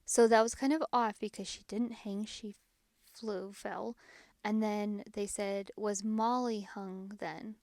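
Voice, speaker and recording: A woman's voice: mid-range voice, little pitch movement, unhurried, a little mellow, no echo. Woman host, casual ghost-story podcast, lots of fillers, dry close sound. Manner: chatty, filler-heavy retelling.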